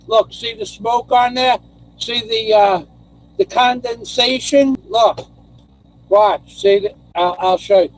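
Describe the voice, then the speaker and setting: An older man hosting a live stream, rambling in a theatrical, self-mocking way with loud outbursts. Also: very high voice, lively intonation, measured pace, low-quality recording.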